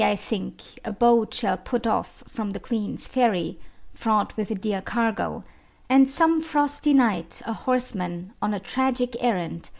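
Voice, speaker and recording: A woman narrating an audiobook, reading literary passages in a slow, expressive recitation with dramatic rises. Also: mid-range voice, gravelly.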